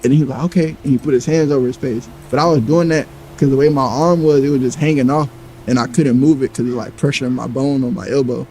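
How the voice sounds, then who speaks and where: Man telling a story, mellow voice. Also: medium pitch, quick pace, low-quality recording. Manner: animated, acts out quoted lines, heavy profanity. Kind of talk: casual storytelling.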